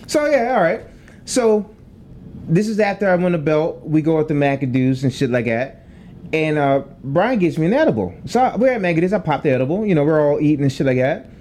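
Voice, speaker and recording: A man's voice: on the high side, fairly quick, slight background noise. A young man, a podcast co-host, telling a long profane story in casual chat and acting out the voices in it. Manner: animated, profane storytelling with acted-out quotes.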